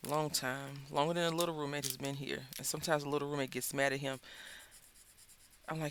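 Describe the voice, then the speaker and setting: A woman's voice: deep voice, little pitch movement, a little fast, a little hiss or hum. A woman with a Southern American accent, hosting a craft video and chatting in a rambling, storytelling way as she works at her craft table. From Southern United States. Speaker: craft channel host. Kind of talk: casual chat while crafting.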